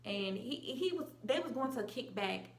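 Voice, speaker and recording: A young adult woman telling a storytime vlog in a casual, slangy and animated way. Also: on the high side, normal speed, echoey room. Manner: animated, slangy, acts out quotes. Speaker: vlogger.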